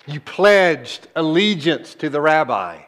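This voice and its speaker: A man's voice: sing-song, slow pace. Man preaching with rhetorical questions. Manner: swings between low, soft stretches and loud emphatic bursts; asks the congregation rhetorical questions. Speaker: pastor. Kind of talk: sermon.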